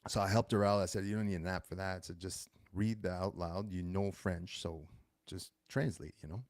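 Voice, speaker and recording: A man's voice: low voice, fairly even intonation, moderate pace, no room sound, studio quality. A man in his thirties hosting a show, talking casually in a rambling way and correcting himself as he goes. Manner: rambling, self-correcting storytelling. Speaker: host. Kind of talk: casual monologue.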